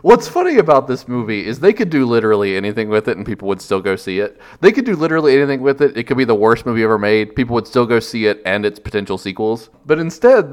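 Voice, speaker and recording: A man's voice: on the low side, clear, resonant tone. A man hosting a casual podcast chat, wry and joking, laughing often. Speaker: podcast host.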